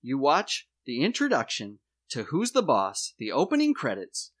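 A man hosting a comedy podcast, laying out a mock conspiracy theory in a deadpan voice with dramatic emphasis. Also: mid-range voice, normal speed.

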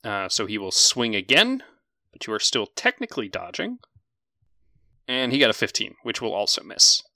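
A man narrating a tabletop game as game master. His voice is bright and animated, with a lively rise and fall, and it sounds close and dry on a home mic. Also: on the low side, moderate pace, no echo. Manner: lively, casual, swears freely.

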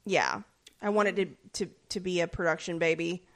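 A woman's voice: on the low side, normal speed, a bit bright. Rambling woman podcast co-host. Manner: rambling, filler-heavy, playful. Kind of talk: casual chat.

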